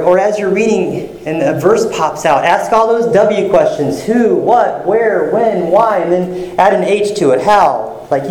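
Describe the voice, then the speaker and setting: A man's voice: high voice, darkish tone, echoey room, low-quality recording. A male pastor giving a sermon in a conversational, encouraging way, often repeating phrases.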